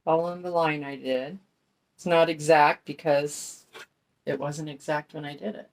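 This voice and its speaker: A woman's voice: sits low, fairly even intonation, normal speed. A middle-aged woman hosting a crafting channel, chatting in a folksy way while she paints and explains each step. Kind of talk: casual craft tutorial talk.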